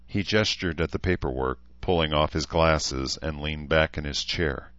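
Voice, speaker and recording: A man giving steady, measured scripted audiobook narration. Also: rumbling low, no room sound. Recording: slightly dull recording.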